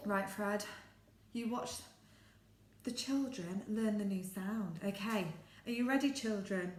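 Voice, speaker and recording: A woman with an English accent teaching a phonics lesson to young children, with big gasps and drawn-out sounds. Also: mid-range voice, expressive, a bit bright, echoey room. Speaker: primary school phonics teacher.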